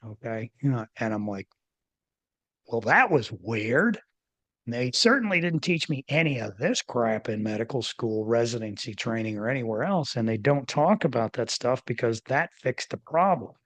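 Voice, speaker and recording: A man's voice: medium pitch, moderate pace, hardly any pauses, no echo. Rambling older man telling a story. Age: 50s or older. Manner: animated, rambling with many restarts and fillers. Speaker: podcast host, former physician. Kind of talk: casual interview storytelling.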